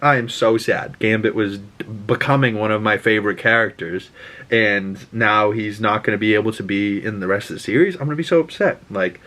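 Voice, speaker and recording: A man recapping a TV episode in an excitable, rambling way, full of fillers and swearing. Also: fairly low pitch, brisk. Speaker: pop culture podcast host.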